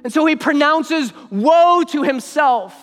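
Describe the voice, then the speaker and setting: Preacher, high voice, emphatic sermon delivery, long hall reverb, faint music underneath. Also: expressive, slow pace. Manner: emphatic, repeats phrases for weight.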